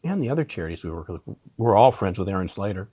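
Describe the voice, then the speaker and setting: A man's voice: deep voice, big pitch swings, fast, mellow, slightly rough, dry recording. A man who is a guest on a podcast speaks in casual chat, in a sincere, matter-of-fact way.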